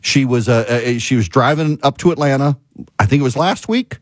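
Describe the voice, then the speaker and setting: A man's voice: mid-range voice, animated, brisk, no room sound. A man hosting a show, telling a story in a casual monologue and ranting with exasperation. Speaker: talk show host.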